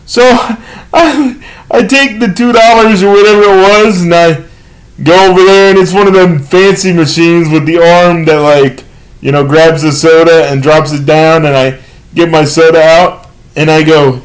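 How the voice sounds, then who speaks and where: A man telling a self-deprecating comedy monologue, halting with many pauses and fillers. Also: fairly high pitch, steady tone, low-quality recording. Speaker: amateur comedian.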